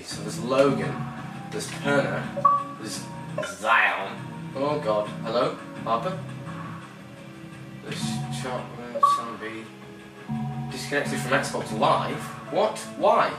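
A young man hosting a let's play, excitable and laughing, whooping and swearing casually as he plays. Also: mid-range voice. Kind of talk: excited gaming commentary. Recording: roomy, distant mic with game music. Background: game music.

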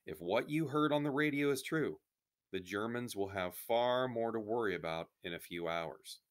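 A man voicing a businesslike male resistance leader, speaking quietly and in a measured way. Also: on the low side, animated, pitched above the performer's own voice, lightly acted. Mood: firm.

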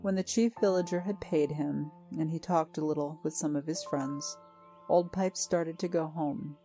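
A woman narrating a storybook tale in a calm, measured reading. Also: sits low. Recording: faint music behind.

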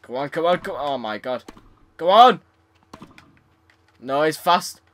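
Young man, sarcastic let's play commentary, high voice, sharp tone. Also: expressive, unhurried. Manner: frustrated, swearing, sarcastic. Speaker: gaming YouTuber.

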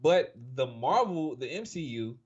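A man's voice: a little high, big pitch swings, measured pace, breathy edge, lo-fi sound. A man co-hosting a casual talk show, laid back and slangy, calling his friend bro and dog. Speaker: podcast co-host. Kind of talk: casual chat.

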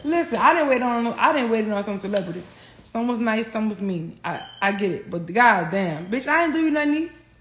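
A woman, telling stories on a phone livestream in a profane, animated way. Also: a little high, fairly quick. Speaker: livestream host. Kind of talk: casual livestream rant. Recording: roomy echo.

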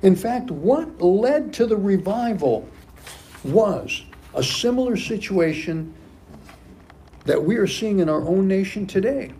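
A man's voice: sits high, expressive, takes it slowly, mellow, a little hiss or hum. A man preaching a sermon as pastor of a church, emphatic and repeating key phrases for stress. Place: church sanctuary.

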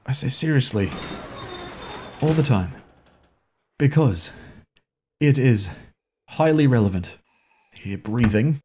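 Jumpy, husky-voiced man playing a horror game. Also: mid-range voice, expressive, slow, pauses often, warm tone. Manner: nervous, swears often, voice leaps up when startled; coaxes and scolds characters on screen. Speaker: gaming video host. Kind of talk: anxious horror-game commentary.

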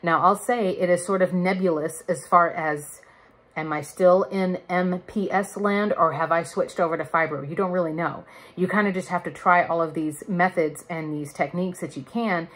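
Woman in her 30s, casual vlog chat, candid, fairly low voice. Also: normal speed, fairly bright tone. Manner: chatty, candid, laughs between words. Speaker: vlogger.

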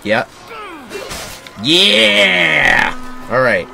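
A man's voice: on the high side, sing-song, drawn-out words, vocal fry, bright, forceful tone. A young man hosting a gaming video, giving casual gameplay commentary, laughing constantly and swearing as he rambles jokes. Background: game music and battle sounds.

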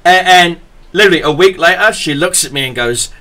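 Young man, podcast host, crisp bright tone, profane, animated storytelling. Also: fairly high pitch, fairly quick. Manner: animated, profane, acts out quoted people. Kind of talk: casual chat, storytelling.

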